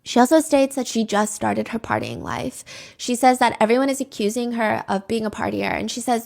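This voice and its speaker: A woman's voice: fairly high pitch, animated, a little fast, creaky, a little mellow. A woman narrating a true crime story in a chatty, opinionated, casual storytime way. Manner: chatty, opinionated, acts out quotes.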